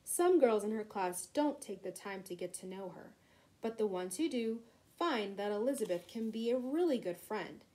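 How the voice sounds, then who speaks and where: A woman reading a children's storybook aloud in a gentle, expressive way. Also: medium pitch, moderate pace, rough recording. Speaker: reader.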